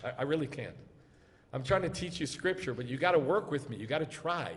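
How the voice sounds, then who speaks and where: A man's voice: a little high, expressive, brisk. A rabbi teaching scripture to his congregation, pressing them with repeated questions and urging them to answer aloud. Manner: drilling call-and-response, urging listeners to answer aloud. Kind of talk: interactive scripture lesson. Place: congregation meeting hall. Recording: long reverb of a large room.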